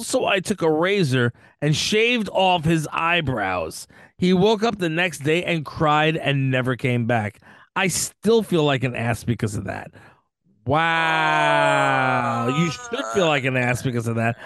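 A man's voice: fairly high pitch, animated, unhurried, fairly bright tone, no room sound, clean studio sound. A man co-hosting a podcast in casual chat, swearing freely and slipping into mock voices. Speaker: podcast co-host.

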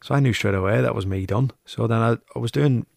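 Gravelly-voiced former keeper telling stories. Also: male voice, medium pitch, quick pace, darkish tone, no room sound, clean studio sound. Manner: chatty, anecdotal, repeats phrases. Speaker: former goalkeeper, interview guest. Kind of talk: casual storytelling interview.

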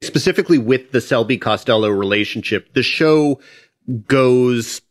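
Man, podcast host, mid-pitched voice, thoughtful, long questions. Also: moderate pace. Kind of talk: interview questions.

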